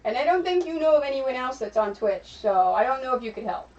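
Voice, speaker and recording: A woman's voice: sits high, lively intonation, fast, a little mellow. An American woman hosting a casual crafting livestream, chatting and explaining viewer rewards. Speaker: streamer host. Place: home craft room. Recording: distant, dull lo-fi stream mic with faint noise.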